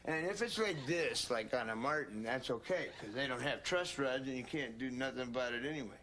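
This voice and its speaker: An American guitar instructor runs a casual, folksy setup lesson, addressing viewers as "folks" and "gang." He speaks briskly in a mid-range, slightly bright voice. A faint hiss or hum sits under the audio.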